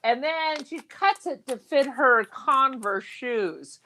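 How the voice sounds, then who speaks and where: Fairly high-voiced woman chatting about films. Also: takes it slowly. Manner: expressive, reacts with disgust and exclamations. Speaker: podcast co-host. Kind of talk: casual film discussion.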